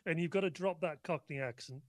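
A man's voice: on the high side, a little fast, dry recording. A man, a guest on a radio talk show, wry and sarcastic. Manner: wry, sarcastic, laughs easily.

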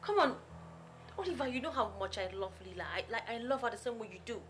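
Woman acting as stepmother, impatient, scolding, defensive, slightly high voice, family skit. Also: expressive, quick pace, background noise, natural voice. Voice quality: sharp and scolding. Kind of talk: amateur family drama acting.

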